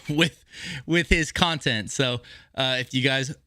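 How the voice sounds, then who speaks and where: A man's voice: medium pitch, slow pace, bright, forceful tone, no echo, clean studio sound. A man hosting a podcast in casual chat, upbeat and joking at his own expense. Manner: upbeat, joking, self-mocking. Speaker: podcast host.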